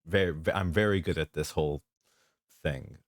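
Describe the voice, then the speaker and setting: Young guy vtuber, very deep voice, keeps laughing, playful and dramatic. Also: moderate pace, no echo. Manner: giggly, easily breaks into laughter; mock-grand, playful self-introduction. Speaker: vtuber streamer. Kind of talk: casual live stream chat.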